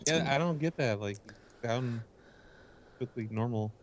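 A man's voice: medium pitch, slow pace, no echo. Guy bantering crude jokes, mid voice, dry sound. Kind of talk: casual chat.

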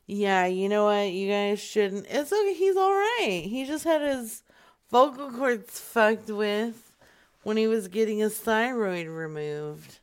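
A woman's voice: mid-range voice, slow, clean tone. A woman co-hosting a comedy radio show, chatting loosely and laughing often. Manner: laughing, animated. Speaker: co-host. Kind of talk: casual chat.

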